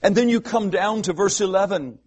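A man pastor preaching a sermon, asking the congregation rhetorical questions and pausing for emphasis. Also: high-pitched, darkish tone, husky.

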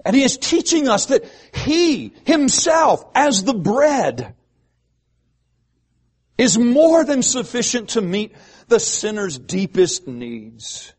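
A man pastor preaching a sermon, asking the congregation rhetorical questions and pausing for emphasis. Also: very high voice, very animated, darkish tone, breathy edge.

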